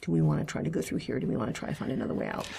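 A woman playing in a tabletop game, answering quickly and agreeably. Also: low-pitched, creaky, warm tone. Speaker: player. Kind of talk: casual tabletop play.

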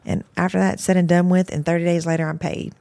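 A woman's voice: lowish voice, little pitch movement, fast talker, vocal fry, dark tone, no room sound. Laughing woman, dry close sound. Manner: laughs often, talks over the host. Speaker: podcast guest. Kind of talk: casual chat.

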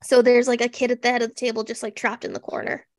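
A woman's voice: a little high, flat delivery, fast talker, no room sound. A woman co-hosting a podcast, chatting sarcastically about a TV special with lots of "like" fillers. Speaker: podcast co-host. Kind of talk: casual chat recapping a TV special.

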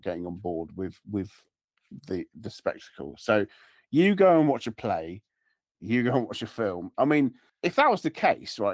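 A man's voice: fairly low pitch, no echo, clean studio sound. A man co-hosting a casual comedy podcast, laid-back and wry. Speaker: podcast co-host.

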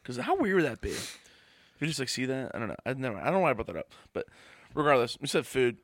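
A man's voice: medium pitch, very animated, quick pace, a bit bright, no echo, studio quality. A young man co-hosting a podcast, chatting casually and riffing jokes. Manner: jokey, riffs in mock voices. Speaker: podcast co-host. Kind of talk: casual chat.

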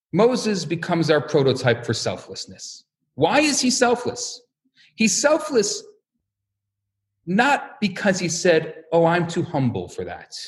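A man giving a sermon-style lecture as a religious teacher, telling stories in an animated way and acting out the quotes. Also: on the high side. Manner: animated storytelling, acts out quotes.

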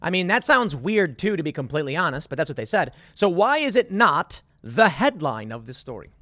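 Guy in his 30s ranting on his commentary show, sarcastic, kinda high voice, dry close mic. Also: sing-song, a little fast, fairly bright tone, dry recording. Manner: sarcastic, exasperated, rambling with restarts. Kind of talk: opinion commentary monologue.

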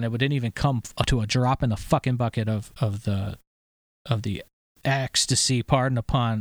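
A man in his thirties tells a story on his podcast in a loose, emphatic way, swearing constantly and stumbling over his own restarts. His voice sits at an ordinary middle pitch. It is recorded close and dry, with no room sound. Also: no room sound. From St. Louis, USA. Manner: profane, rambling, emphatic with frequent restarts. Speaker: podcast host telling a story. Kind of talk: casual storytelling chat.

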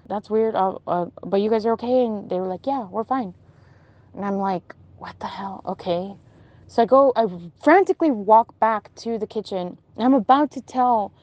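A young woman telling a dream story casually, in a breathless, animated way, quoting the people in it. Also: medium pitch, no echo, lo-fi sound. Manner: breathless, animated retelling with quoted dialogue.

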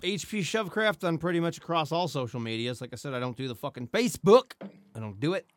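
Wisecracking man with a lively voice. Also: on the high side, fast. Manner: profane, wisecracking. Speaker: podcast co-host. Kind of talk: casual podcast chat.

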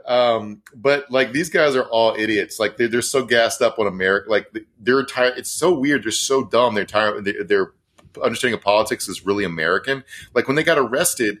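A man's voice: mid-range voice, a bit bright. A man co-hosting a podcast, giving casual, profane and sarcastic political commentary. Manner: profane, sarcastic, rambling with fillers. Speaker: podcast co-host.

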